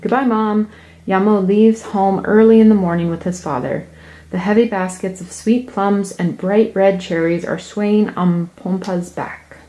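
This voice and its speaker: A woman narrating a children's picture book. She reads in a soft, slow, deliberate way, clearly setting out each scene. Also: mid-range voice, steady tone. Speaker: storyteller. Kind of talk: picture-book read-aloud.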